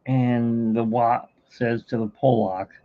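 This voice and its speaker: A man's voice: mid-range voice, fairly even intonation, slow pace, phone-quality sound. A middle-aged man hosting a live stream, chatting casually and telling jokes in a rambling, self-mocking way.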